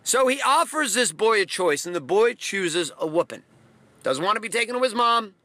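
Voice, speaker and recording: A man with a high, bright, forceful voice gives a blunt motivational monologue. He drives his points home with repeated phrases. The recording is dry and close. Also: very animated, moderate pace, no room sound.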